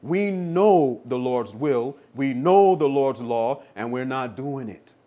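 Man preaching a sermon; firm, repetitive emphasis, middle pitch. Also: expressive, takes it slowly, muffled recording. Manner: insistent, repeats lines for emphasis.

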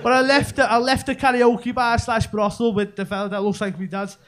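A man's voice: very high voice, flat delivery, fairly quick, fairly bright tone. A young man with a Scouse accent doing a rambling live stand-up set full of local slang in a comedy club. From Merseyside, England. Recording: live club with crowd laughter. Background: audience laughter.

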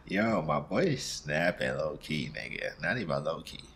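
Deep, gravelly American man reacting casually. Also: sing-song, unhurried, fairly bright tone, slight background noise. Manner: laid-back, laughing, slangy hype. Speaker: reaction video host.

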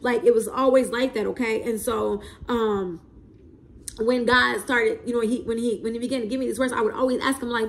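A woman's voice: fairly high pitch, steady tone, a little fast. A woman, preaching prophecy in a spontaneous, emphatic way, repeating herself and often asking "okay?" and "right?". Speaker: self-described prophet.

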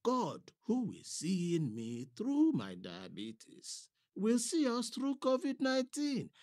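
A man's voice: high-pitched, huge pitch swings, slow, a little mellow, voice pushed up, heavily acted. A man voicing a sick older devout man who speaks sarcastically and wheezes.

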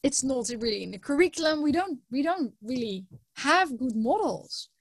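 A woman professor gives a conference talk with a fairly high voice. She tells stories in a lively way and doubles words for emphasis. The sound is dry and close, with no room echo. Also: moderate pace, breathy edge. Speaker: computer science professor giving a conference talk.

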